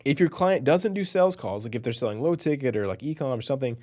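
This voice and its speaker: A young man in his twenties teaches an online copywriting course casually to camera, earnest and motivational, with lots of fillers. His voice is medium-pitched, animated, quick, and darkish in tone.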